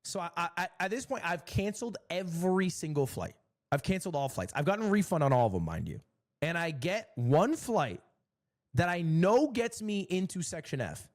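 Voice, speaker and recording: A young man streamer telling a long, exasperated story in a casual, swearing, animated way. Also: sits high, moderate pace.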